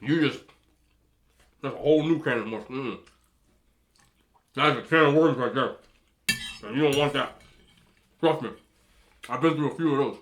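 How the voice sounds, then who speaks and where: A man in his thirties eating on camera, giving emphatic, animated relationship advice to other men and telling stories in a casual chat. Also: medium pitch, normal speed, long pauses. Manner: storytelling with repeated disapproving hums. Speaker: mukbang vlogger.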